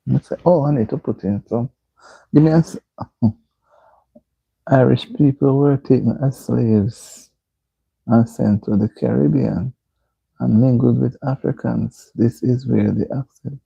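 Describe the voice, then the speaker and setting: A man's voice: medium pitch, unhurried, creaky, pauses often, mellow, husky, no echo, highs cut off. A man hosting a casual live stream, reading viewer comments aloud and repeatedly asking people to like the stream. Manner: reads viewer comments aloud and keeps urging likes.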